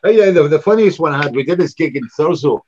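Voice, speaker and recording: A man's voice: on the high side, expressive, fast talker, a little mellow, slight background noise. A Scottish man in his sixties, a former rock frontman, telling rambling anecdotes with many restarts in a casual interview. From Scotland. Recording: dull lo-fi recording.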